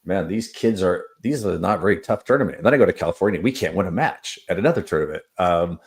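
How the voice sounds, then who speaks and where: A man with a lowish voice, an assistant wrestling coach chatting in an interview. He tells stories with lots of "um" and "like" and acts out what people said. His delivery is loose and conversational. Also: lively intonation, fast. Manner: storytelling, acts out quoted exchanges, many fillers. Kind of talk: casual interview talk.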